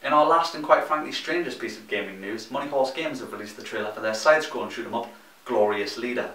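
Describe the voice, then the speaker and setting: Fast-talking Geordie man reading gaming news. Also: mid-range voice, animated. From North East England. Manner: dry, teasing banter. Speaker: co-host of a gaming news show. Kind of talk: scripted comedic news reading. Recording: roomy echo, mic at a distance.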